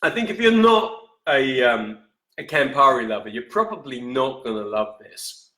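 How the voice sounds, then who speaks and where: A man's voice: medium pitch, sing-song, normal speed, sharp tone, reverberant. A man hosting a live whisky show in a casual chatting way, reading out viewer comments and correcting himself as he goes. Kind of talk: casual live-stream chat. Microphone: camera in front, steps out of frame.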